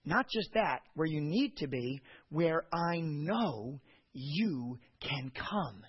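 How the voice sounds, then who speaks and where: A middle-aged man preaching a sermon, telling personal stories passionately and swinging from quiet reflection to loud emphasis. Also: a little high, animated, slow pace, slightly rough. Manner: anecdotal storytelling. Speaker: pastor. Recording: dull lo-fi recording.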